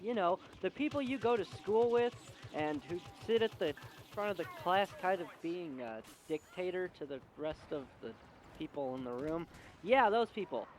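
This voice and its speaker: A young man ranting sarcastically in a casual comedic vlog, punching key words with sudden jumps in pitch and loudness. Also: animated, moderate pace. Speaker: vlogger.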